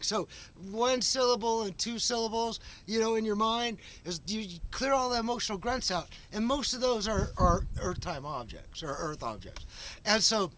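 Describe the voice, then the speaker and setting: A man's voice: high voice, fairly bright tone, a little hiss or hum. A man talking in a rambling, unscripted monologue, full of restarts and fillers. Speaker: vlog host.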